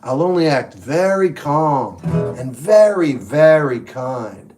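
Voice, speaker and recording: A man's voice: on the high side, lively intonation, slow, over loud music. A man putting on a falsely sweet, overly concerned character who is secretly hostile. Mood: fake sweetness. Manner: soft, overly concerned, fake-kind.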